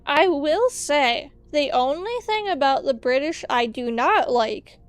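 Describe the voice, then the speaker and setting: A woman's voice: sits high, animated, a little slow, no echo, faint music behind. A woman VTuber streamer chatting casually on a livestream, ranting playfully with strong opinions.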